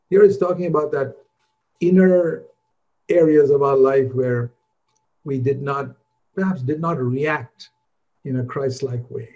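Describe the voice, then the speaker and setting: Older male preacher, mellow earnest voice. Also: a little high, highs cut off. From India. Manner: earnest, conversational preaching with rising emphasis. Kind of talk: sermon.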